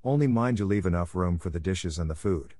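A man's voice: sits low, animated, a little fast, dark tone, no echo. A man reading the lines of a stern, practical older woman, curt and scolding. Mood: dismissive.

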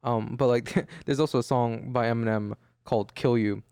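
A man's voice: mid-range voice, fairly even intonation, moderate pace, darkish tone, smooth, dry recording, studio quality. A tired young man hosting a casual chat, rambling with lots of restarts. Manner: rambling, many restarts and fillers. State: tired, yawning. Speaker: podcast host.

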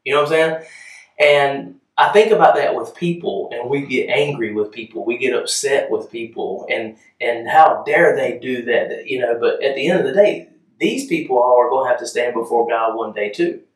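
A man's voice: medium pitch, normal speed, recorded from a distance. A man preaching a sermon in a conversational way, often asking the room whether they follow. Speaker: pastor. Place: church hall. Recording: echoey room, voice from off-mic.

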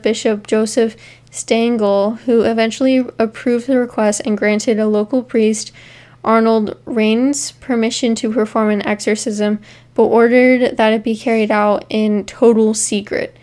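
A woman's voice: fairly high pitch, fairly even intonation, measured pace, darkish tone. A woman co-hosting a casual podcast, reading case notes with asides and frequent ums. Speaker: podcast co-host. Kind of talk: casual true-crime podcast chat.

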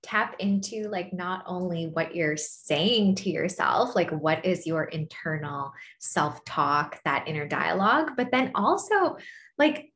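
A woman guest speaking in a somewhat low voice about her coaching work. She sounds thoughtful and soft-spoken. She often poses questions to her listener. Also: animated, slow pace. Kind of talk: casual interview.

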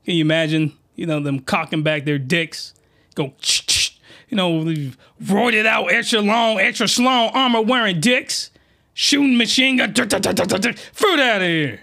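A man hosting a comedy podcast, reviewing a comic in a slangy, rambling monologue with sudden shouted outbursts. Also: measured pace. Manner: animated, jumps into high-pitched shouted outbursts; slangy, rambling, with many restarts.

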